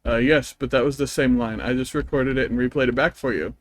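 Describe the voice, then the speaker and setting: A man's voice: medium pitch, fairly even intonation, a little fast, low-quality recording. A man streaming a game, chatting casually in a rambling, joking, self-deprecating way. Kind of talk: casual gameplay stream chat.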